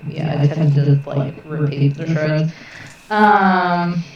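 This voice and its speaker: A woman with a very low voice talks slowly and hesitantly while playing a tabletop game. She sits far from a dull-sounding mic. Heavy echo fills the room around her. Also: a little mellow, a little hiss or hum. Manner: hesitant, thinking aloud. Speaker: player.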